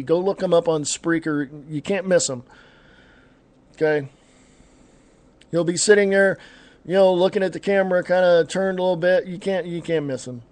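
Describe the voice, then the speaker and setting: A man's voice: high-pitched, a little mellow, dry recording. A man hosting an online talk radio show, ranting bluntly and combatively and stopping now and then to correct himself.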